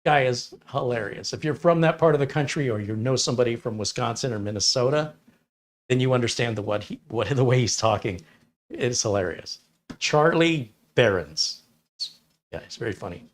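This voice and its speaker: Answering his livestream audience at a normal speed, this computer technician in his fifties from Michigan, USA, speaks at medium pitch with lively intonation. He keeps the chat casual, opinionated and wry, with sarcastic side comments.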